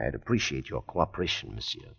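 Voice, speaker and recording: An actor playing a scheming male villain who puts on a French accent, with a smooth, sneering, menacing manner, in a 1950s radio drama. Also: very deep voice, very animated, fast, a bit bright, highs cut off, heavily acted. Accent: put-on French.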